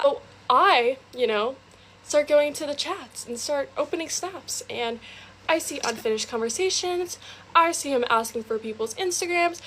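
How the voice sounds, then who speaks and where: A woman's voice: high voice, a bit bright, a little hiss or hum. A young woman telling a personal story in a casual, chatty way, filling her speech with "like", recorded on a phone. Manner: chatty, fast, heavy use of "like".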